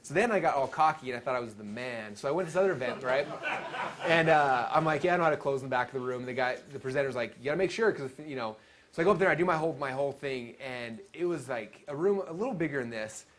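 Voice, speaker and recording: A man telling stories at a live seminar, animated and acting out the quotes he tells. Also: medium pitch, fast, slight background noise. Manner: animated storytelling, acts out quotes. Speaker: seminar speaker.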